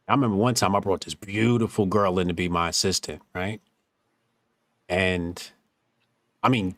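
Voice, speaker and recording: A deep-voiced man, recorded with no echo, hosts a podcast. His casual storytelling chat is profane and animated, with quotes acted out along the way.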